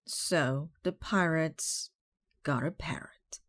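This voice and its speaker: A woman reading a children's picture book aloud, slowly and carefully. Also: sits low, no room sound. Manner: slow, careful read-aloud. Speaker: storybook reader.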